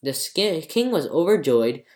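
Expressive folktale narrator, animated, recorded in an echoey room. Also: mid-range voice, measured pace. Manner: expressive, dramatic reading. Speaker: book reviewer and storyteller. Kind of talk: scripted narration of a review and a folktale.

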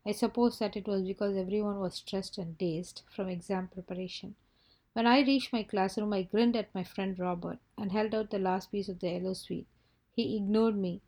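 A woman reads a first-person children's story aloud. Her narration is lively and expressive, and her voice sits at a medium pitch. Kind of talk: scripted narration.

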